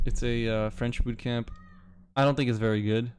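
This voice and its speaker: A man's voice: medium pitch, little pitch movement, brisk, creaky, darkish tone, clear, resonant tone, no room sound. A young man, chatting casually with his live-stream audience, rambling and swearing now and then. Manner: rambling, swears casually, reads chat aloud. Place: home, city with bootcamps he attended.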